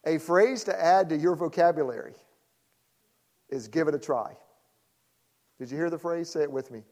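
A man's voice: fairly high pitch, normal speed, a little mellow. A middle-aged male pastor teaches a church audience in a loose, conversational way, teasing people in the crowd and acting out the people he quotes. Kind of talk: conference teaching talk.

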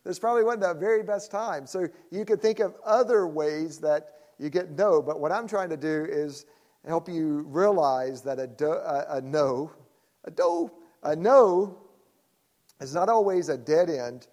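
A middle-aged pastor with a slightly higher voice gives church leaders a relaxed teaching talk. He jokes with the crowd, teases people in the front row and acts out quick bits of quoted dialogue.

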